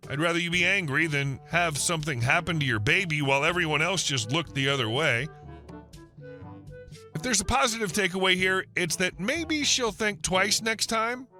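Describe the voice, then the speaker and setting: A man narrates scripted stories in a high, very bright voice. His read is smooth and even, with no fillers, and faint music plays underneath. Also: normal speed. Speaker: story narrator.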